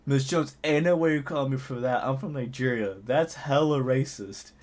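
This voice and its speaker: A man voicing a laid-back teenage boy calmly arguing with his teacher. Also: mid-range voice, normal speed, soft background music, lightly acted. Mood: calm pleading.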